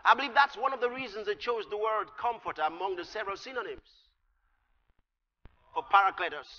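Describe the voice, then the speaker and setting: High, bright-voiced preaching man. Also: fairly quick. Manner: emphatic preaching, rises to shouts on key lines. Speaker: pastor. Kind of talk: sermon. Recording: lo-fi recording with long hall reverb.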